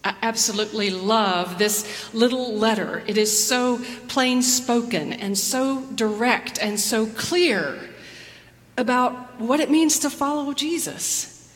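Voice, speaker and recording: A woman pastor giving a gentle children's message and sermon in church. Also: on the high side, slow pace. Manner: gentle, storytelling. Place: church sanctuary. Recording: long church reverb.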